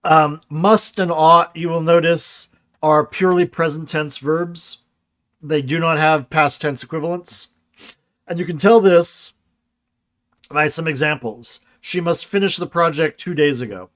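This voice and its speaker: A man's voice: fairly high pitch, a little slow, a bit bright. A man giving a casual livestreamed grammar lecture, explaining and answering chat questions, often checking in with "right?".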